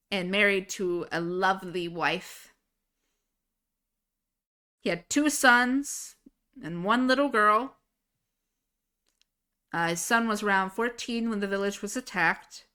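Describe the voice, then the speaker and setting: Young woman streamer, chatty and excitable, quick to swear and laugh; bright, forward voice. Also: mid-range voice. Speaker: livestreamer. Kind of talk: casual chat.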